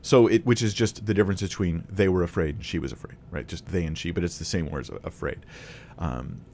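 A man's voice: low voice, fairly quick, vocal fry, a little mellow, a little hiss or hum. A man teaching a Bible lesson to camera in a casual, conversational way, thinking aloud with restarts and small laughs.

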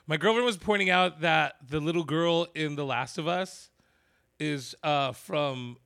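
Male podcast co-host, bright edgy voice, rambling, laughs often. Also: on the high side, measured pace, clean tone. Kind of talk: casual chat.

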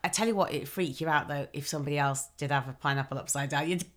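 A woman's voice: low-pitched, fast talker, a bit bright. A woman from Manchester with a mild Mancunian accent, co-hosting a podcast in a playful, teasing casual chat. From Manchester, England. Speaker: podcast co-host.

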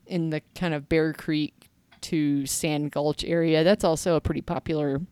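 A woman's voice: low-pitched, steady tone, normal speed, darkish tone, clean tone, dry recording. A woman co-hosting a casual podcast who laughs easily and tells rambling stories. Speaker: podcast co-host. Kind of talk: casual chat.

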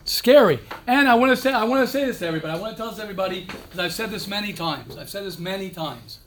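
Emphatic high-voiced man rabbi. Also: expressive, racing, fairly bright tone, a little hiss or hum. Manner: emphatic, repeats phrases, mixes in Hebrew and Yiddish words. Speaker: rabbi giving a talk to yeshiva students. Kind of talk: informal talk to students.

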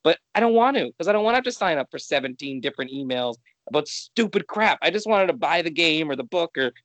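A man's voice: on the high side, lively intonation, fast, fairly bright tone, no echo. A man from Canada co-hosting a podcast, chatting casually and ranting with exasperation. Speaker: podcast co-host. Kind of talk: casual chat.

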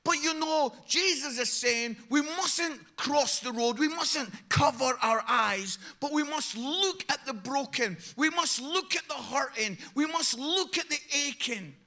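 A male preacher delivering an impassioned sermon in a strikingly high, bright voice. He drives his points home with repeated exhortations, his tone forceful and ringing. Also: expressive, a little slow, few pauses. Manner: impassioned, repetitive exhortations, acts out quoted voices.

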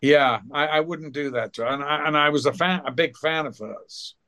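A man, an actor being interviewed, telling anecdotes in a lively way and acting out the people he quotes. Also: fairly high pitch, normal speed. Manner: animated, acts out quotes. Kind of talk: anecdotal storytelling.

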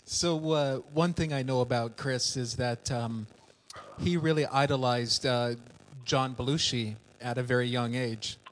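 A man of average pitch asks his guest questions in a casual, halting way, with frequent pauses. He sounds like an easygoing interviewer. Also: fairly even intonation. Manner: hesitant, many fillers.

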